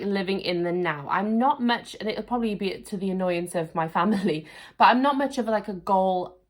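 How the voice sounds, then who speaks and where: A woman in her thirties answering viewer questions in a chatty, self-deprecating vlog, laughing often. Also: medium pitch. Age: 30s. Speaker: YouTuber. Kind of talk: casual Q&A vlog.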